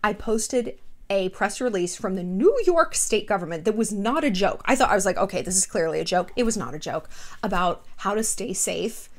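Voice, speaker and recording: A woman vlogger talking casually to her viewers in an animated, gossipy way, blunt and a little profane, with lots of "like.". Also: mid-range voice, moderate pace. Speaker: vlogger host. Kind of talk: casual chatty commentary. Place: small city apartment.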